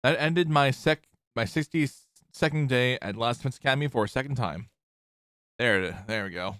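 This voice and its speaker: A man's voice: medium pitch, moderate pace, a bit bright, smooth, no echo, clean studio sound. A man streaming a game who reads the story text aloud and chats in a rambling way, laughing easily. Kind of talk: casual play-along narration of a visual novel.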